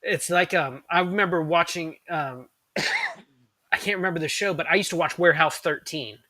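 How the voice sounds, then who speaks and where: Bright, rambling male podcast host. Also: fairly high pitch, moderate pace, dry recording. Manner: rambling, enthusiastic, many fillers and restarts. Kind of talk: casual chat.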